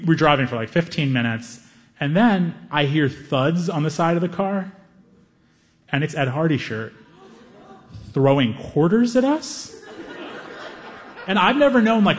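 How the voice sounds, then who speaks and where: A young man doing stand-up comedy, telling a story with animated delivery and acting out the people in it. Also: a little high, moderate pace, long pauses, long reverb tail.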